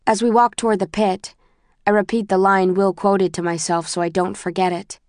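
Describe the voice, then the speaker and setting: A woman narrating a novel in the first person, with a measured, introspective and even delivery. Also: mid-range voice, no echo, clean studio sound. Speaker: audiobook narrator.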